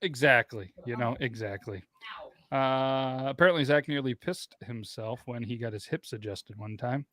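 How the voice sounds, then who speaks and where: A man's voice: mid-range voice, normal speed, a bit bright, no echo. A man hosting a casual podcast, chatting as he reacts to online videos, rambling with fillers and restarts. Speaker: podcast host.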